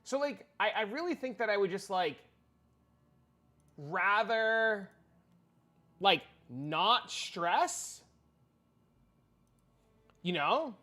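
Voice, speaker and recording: A man's voice: high-pitched, sing-song, drawn-out words, long pauses, pushed and bright. A man livestreaming, chatting casually with his viewers in a rambling, profane way, often repeating himself.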